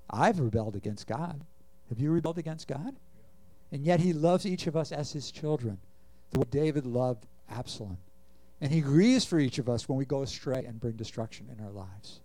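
A man's voice: mid-range voice, lively intonation, moderate pace, mellow, no room sound. A man preaching a sermon, earnestly reading scripture and asking the congregation questions. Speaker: pastor.

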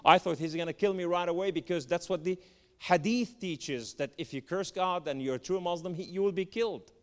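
A man giving an impassioned sermon testimony, swinging from loud cries to hushed tones. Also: sits high, brisk. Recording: long reverb of a large hall.

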